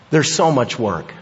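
A male pastor preaching a sermon, building from quiet asides to emphatic, forceful passages. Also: mid-range voice. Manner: preaching, rising to emphatic intensity. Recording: echoey hall, dull lo-fi sound.

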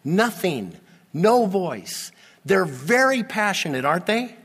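Man, pastor; measured, deliberate sermon delivery with wry asides; reverberant sanctuary sound. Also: high voice, very animated, a bit bright, slightly rough. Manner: expository, teasing asides, emphatic.

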